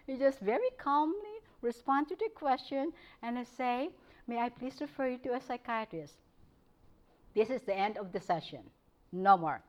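A woman giving a public lecture, telling stories from her practice in an animated way, often breaking into laughter. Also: a little high, dull audio. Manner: animated storytelling, frequent laughter. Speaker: guest speaker. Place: lecture hall.

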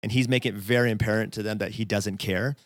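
A man's voice: on the low side, fairly even intonation, fast, no room sound, clean studio sound. A man chatting casually, telling a rambling story full of fillers. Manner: rambling storytelling with many fillers and acted quotes. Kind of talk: casual chat.

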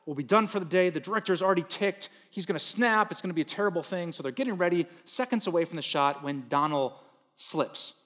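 A man pastor preaching a sermon in earnest, swinging between loud emphatic bursts and hushed soft lines. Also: high voice, lively intonation, fast, long reverb tail.

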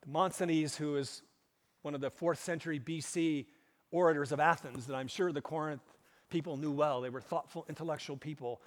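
A male pastor preaching a sermon, pressing hard on key words and then dropping to hushed, low asides. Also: steady tone, fairly quick. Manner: emphatic, swings between loud stresses and hushed low asides. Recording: long hall reverb.

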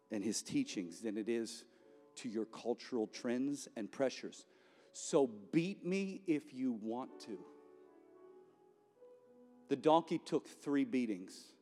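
Fired-up male pastor with a fairly high voice and a casual tone, heard with long chapel reverb. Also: darkish tone. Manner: impassioned, conversational, repeats key lines. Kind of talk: sermon.

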